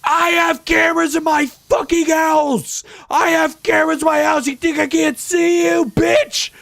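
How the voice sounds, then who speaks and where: A man putting on a furious woman screaming threats in the street, in a shrill falsetto. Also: flat delivery, unhurried, vocal fry, a bit bright, exaggerated voice.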